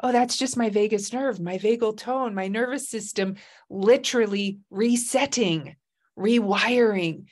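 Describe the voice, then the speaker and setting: A woman's voice: medium pitch, a little slow, a little mellow. A middle-aged woman hosting a casual video-call chat from Hawaii, effusive and emotional, often laughing. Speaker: host. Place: home in Hawaii.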